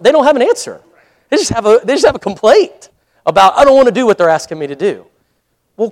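A man preaching a sermon in a conversational way, with laughing asides and calls of amen. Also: high-pitched. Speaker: pastor.

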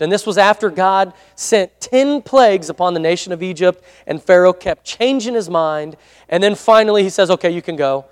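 High pitched guy preaching, easygoing, lots of amens, big echoey hall. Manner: conversational preaching with frequent amen prompts. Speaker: pastor. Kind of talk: sermon. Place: church hall. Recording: long hall reverb.

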